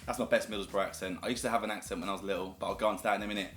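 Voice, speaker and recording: With a lowish, fairly even voice, this man talks rapid-fire in an upbeat, storytelling chat to camera. He is a YouTuber from southern England with a southern English accent, recorded in an echoey room where faint music plays.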